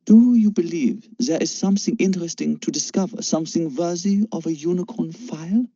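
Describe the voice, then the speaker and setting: A cool, detached mentor with a German accent asks calm, probing questions, played by a man. He speaks higher than the reader's own voice, with a dark, dull tone. The recording is dry and lo-fi. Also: fairly quick, breathy edge, no room sound. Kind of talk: audiobook character voice.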